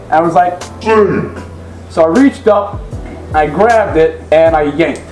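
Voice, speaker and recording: Casting: upbeat man with a high voice, rambling storyteller, echoey room with faint music. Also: unhurried. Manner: rambling, animated anecdote-teller. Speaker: guest. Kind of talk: casual chat, storytelling.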